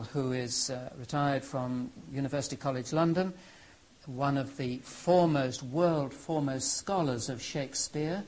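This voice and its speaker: A man's voice: on the high side, a little mellow, poor audio. A man giving a historical lecture, telling the story earnestly and with emphasis. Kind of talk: historical lecture with dramatic readings.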